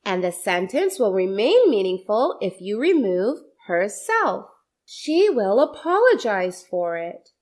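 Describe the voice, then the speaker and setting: A woman with a medium-pitched, slightly mellow voice teaches a scripted grammar lesson. Her pitch swings widely as she explains slowly and deliberately and goes over example sentences many times.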